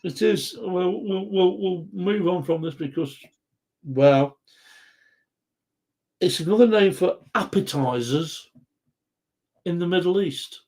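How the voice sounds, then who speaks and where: Gravelly-voiced man hosting a live quiz chat. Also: sits high, takes it slowly, long pauses, a little mellow. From Britain. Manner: jokey, reads viewer comments aloud. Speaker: host.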